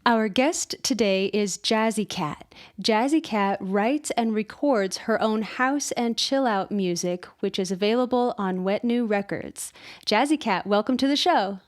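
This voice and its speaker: A woman's voice: mid-range voice, a little slow. A woman hosting a podcast, talking casually with chatty, self-mocking asides. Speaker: podcast host.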